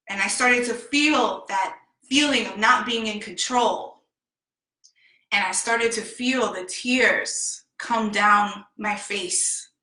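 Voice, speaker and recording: A woman telling a personal story in an unhurried, heartfelt way. Her voice is bright and forceful, and the room around her rings with echo. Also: fairly high pitch. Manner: slow, heartfelt and emphatic. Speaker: self-help vlogger.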